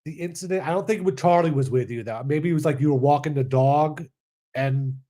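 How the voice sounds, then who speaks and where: A man's voice: fairly high pitch, fairly quick, dark tone. A man co-hosting a casual podcast, joking and giving short, easygoing replies. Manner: laid-back, joking, lots of short replies. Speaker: podcast co-host.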